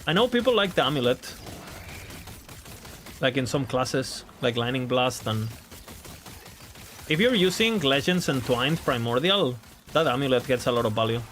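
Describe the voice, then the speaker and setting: A man's voice: medium pitch, big pitch swings, moderate pace, pauses often, a bit bright, a little hiss or hum. Casual man streaming, thinking aloud. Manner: thinks aloud, hedging, repeating words. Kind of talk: casual game stream chat.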